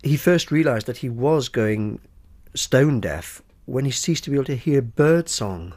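A male university academic explains patiently in an interview, in a mid-pitched voice and a lecturing tone. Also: lively intonation, measured pace, a little mellow. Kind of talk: interview commentary.

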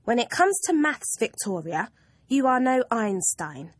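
A woman's voice: on the high side, big pitch swings, unhurried, no echo. A woman voicing a stern, smug female maths teacher who speaks in a cold, accusing, clipped way.

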